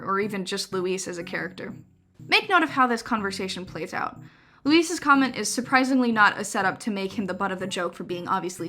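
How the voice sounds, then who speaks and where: A woman's voice: medium pitch, fairly bright tone. A young woman narrating a scripted video essay in a wry, conversational way with dry jokes.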